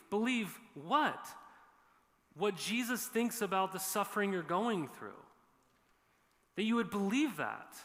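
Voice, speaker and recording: Pastor guy preaching, high bright voice, big church echo, earnest and chatty. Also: animated, measured pace, long pauses. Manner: earnest, conversational preaching with emphatic repetition. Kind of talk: sermon. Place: church sanctuary. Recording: long church hall reverb.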